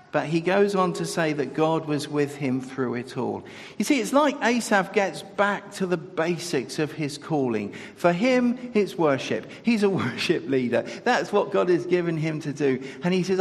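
Gravelly preacher in an echoey hall. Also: male voice, fairly high pitch, expressive, measured pace. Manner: conversational, with rhetorical questions. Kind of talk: sermon.

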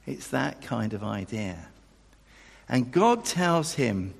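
A man's voice: fairly low pitch, big pitch swings, slow, gravelly, breathy edge. A man preaching a sermon, talking conversationally and then building to emphatic declarations. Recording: reverberant church hall.

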